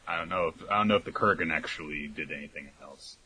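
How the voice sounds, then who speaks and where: A man with a very low voice that is raspy yet bright, co-hosting a casual podcast. He chats in a dry, teasing way. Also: quick pace. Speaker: podcast co-host. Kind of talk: casual chat.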